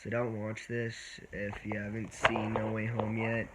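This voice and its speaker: A man giving a casual spoiler movie review, rambling and halting with many restarts. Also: fairly low pitch, monotone. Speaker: vlogger. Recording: noisy background.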